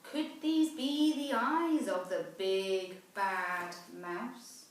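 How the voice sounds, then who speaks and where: A woman teacher reading a rhyming picture book aloud in a slow, expressive, rhythmic way. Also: mid-range voice. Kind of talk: storybook read-aloud. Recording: echoey room, far mic.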